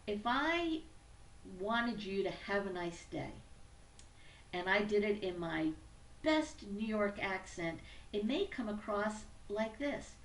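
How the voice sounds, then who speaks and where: A woman's voice: mid-range voice, lively intonation, slow. A woman presenting a business training tutorial in an upbeat, conversational teaching manner. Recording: roomy echo, distant mic, faint background noise.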